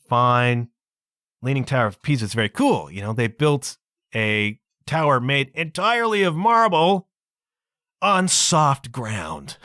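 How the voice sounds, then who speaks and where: Male podcast host, lively solo storyteller, dry close-mic sound. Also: medium pitch, no room sound. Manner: animated, exclaiming storyteller with frequent "man" and "dude". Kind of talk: casual solo podcast monologue.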